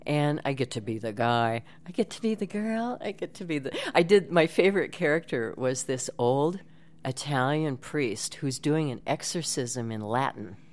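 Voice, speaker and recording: A woman, a voice actress and guest, telling stories in a relaxed interview chat and laughing often. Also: very deep voice, moderate pace. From United States. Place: home studio.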